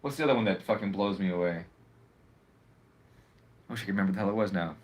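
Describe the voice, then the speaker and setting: A man's voice: deep voice, quick pace. A man ranting casually on a livestream at home, swearing often and sounding sarcastic as he rambles. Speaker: live streamer.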